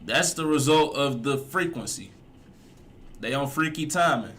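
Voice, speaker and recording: A man's voice: mid-range voice, animated, measured pace, fairly bright tone. A man giving casual, mocking commentary as he reacts to a clip, drawling and repeating his jokes. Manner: laid-back, mocking, drawling repetitions. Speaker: reaction streamer.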